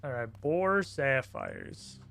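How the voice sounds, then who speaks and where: Guy streaming a game, cussing a lot, sarcastic, bright voice, lil music behind. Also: mid-range voice, huge pitch swings, slow, gravelly. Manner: profane, sarcastic, talks to himself. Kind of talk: live gameplay commentary.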